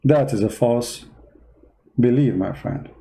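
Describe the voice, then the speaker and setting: Gravelly, dark-voiced man arguing his point. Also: medium pitch, takes it slowly, low-quality recording. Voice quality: non-native English speech. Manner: argumentative, with rhetorical questions. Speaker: Christian commentator. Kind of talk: live online commentary.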